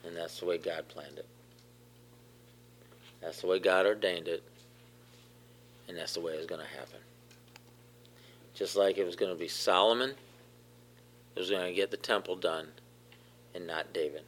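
Male pastor, sermon delivery, low-ish voice, emphatic and repetitive, quizzes listeners. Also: normal speed, long pauses, a little hiss or hum. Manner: emphatic, repeats phrases, questions the congregation.

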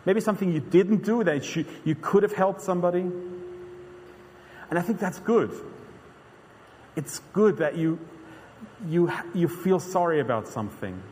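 A man's voice: high voice, lively intonation, normal speed, darkish tone. A man preaching a sermon in an earnest, conversational way, often restarting his sentences. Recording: long hall reverb.

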